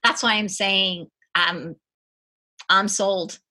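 A woman's voice: medium pitch, steady tone, slow pace, bright, forceful tone. A woman giving an emotional faith testimony as a guest, earnest and fervent, repeating her phrases for emphasis.

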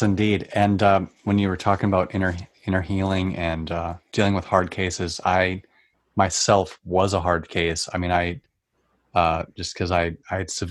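A man with a lowish voice tells his faith story in an earnest, emotional way, stumbling and restarting. The sound is dry and close. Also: dry recording. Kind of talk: Christian testimony in conversation.

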